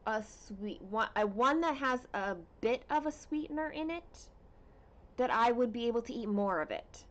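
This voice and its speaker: Over lo-fi sound, a slightly high, animated female voice leads a relaxed at-home cross-stitch stream. She takes her time reading viewer comments aloud and chatting with them, with lots of filler words.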